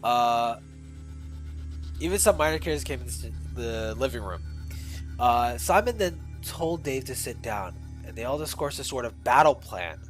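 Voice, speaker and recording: Animated, swearing young-sounding male streamer. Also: medium pitch, normal speed, soft background music, poor audio. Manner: animated, swearing, laughing asides. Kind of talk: reading a creepy fan story aloud on stream.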